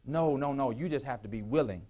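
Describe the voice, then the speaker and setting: A male pastor preaching a sermon in a church, with call-and-response questions to the congregation, sometimes rising to shouts. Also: mid-range voice, a little fast. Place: church sanctuary.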